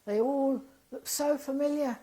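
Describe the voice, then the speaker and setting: A woman, an interview guest, telling a personal story in a lively, animated way and acting out the dialogue she quotes. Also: sits high, measured pace, poor audio.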